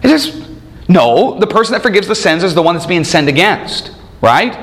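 A pastor preaches a sermon at a moderate pace in a voice that sits high. He is animated, acting out the voices he quotes and putting questions to the congregation.

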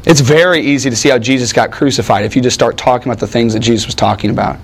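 A man preaching a sermon in an animated, conversational way, with joking asides to the congregation. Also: mid-range voice, racing, husky. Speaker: pastor.

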